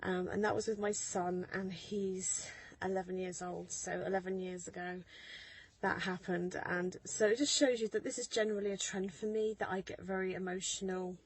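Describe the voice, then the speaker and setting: Husky-voiced woman chatting in a car. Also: mid-range voice, steady tone, moderate pace, low-quality recording. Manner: rambling and chatty, many ums, laughs often. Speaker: mother vlogger. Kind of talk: casual vlog chat. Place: parked car by a park. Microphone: phone.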